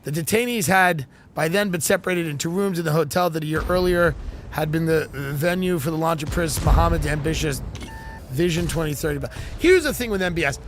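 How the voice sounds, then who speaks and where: A man's voice: fairly high pitch, brisk, slight background noise. A man hosting a comedy podcast, reading a news article aloud and breaking off into sarcastic joking asides.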